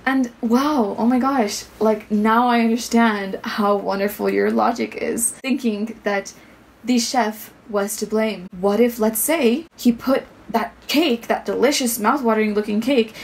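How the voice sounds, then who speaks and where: A woman vlogger telling a personal story to camera, earnest and halting. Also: fairly high pitch, steady tone.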